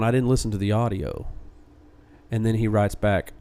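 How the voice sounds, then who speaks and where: A man hosting a podcast, excitable as he tells a story. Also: lowish voice, normal speed, long pauses. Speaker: podcast host. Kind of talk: casual chat.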